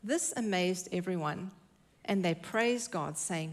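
A woman's voice: mid-range voice, normal speed. A woman preaching a sermon in church, earnest and emphatic, repeating her key phrases.

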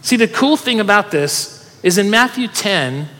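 A man's voice: high voice, animated, measured pace, sharp tone. A man preaching a sermon to a congregation, telling stories and urging listeners to respond. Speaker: pastor. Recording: long hall reverb.

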